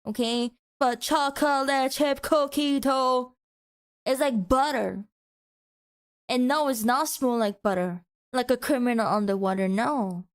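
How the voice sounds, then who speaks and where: A woman's voice: on the high side, measured pace. A woman streamer giving a mock-passionate, teasing rant to her chat in a playful, dramatic way.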